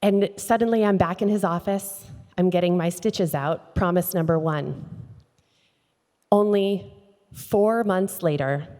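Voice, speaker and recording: A woman giving an inspirational speech on a conference stage, telling a personal story with expressive delivery and acting out the dialogue. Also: on the low side, a little slow, soft background music. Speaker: keynote speaker. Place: conference stage in a large hall. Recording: long hall reverb.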